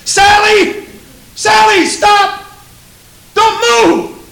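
A preacher playing a frantic shouting father. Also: a little slow, lightly acted. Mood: alarmed shouting. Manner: shouting high and urgent. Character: frantic father shouting warnings to his little girl. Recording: echoey hall from far off, faint hiss.

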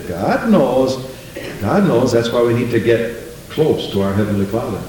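A man's voice: mid-range voice, a little mellow, a little hiss or hum. A man preaching a folksy, conversational sermon to his church, asking the congregation questions as he goes. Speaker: pastor. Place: church sanctuary. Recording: echoey church room from a distance.

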